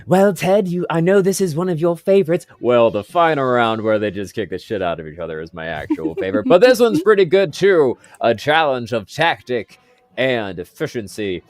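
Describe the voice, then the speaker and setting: A man's voice: mid-range voice, sing-song, normal speed, darkish tone, no room sound, pitched above the performer's own voice, natural voice. A man voicing a brash sports announcer with showy play-by-play patter at a fantasy arena game. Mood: hyped.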